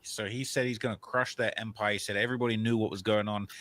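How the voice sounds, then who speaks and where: A man's voice: fairly low pitch, fairly even intonation, fast, fairly bright tone. A man with a British accent narrates a documentary-style video, hedging his claims with "apparently" and "allegedly". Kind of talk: storytelling narration of a video essay.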